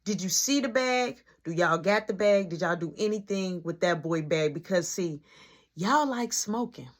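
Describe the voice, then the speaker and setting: A woman's voice: fairly low pitch, animated, normal speed. A woman voicing a strict middle-aged mother who scolds and threatens firmly. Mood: stern warning.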